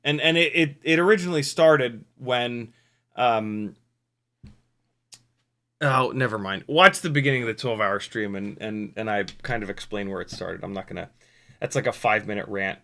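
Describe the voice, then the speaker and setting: A man's voice: mid-range voice, normal speed, fairly bright tone. A man reading out chat on a casual live stream from his home workshop, rambling with self-mocking asides and frequent restarts.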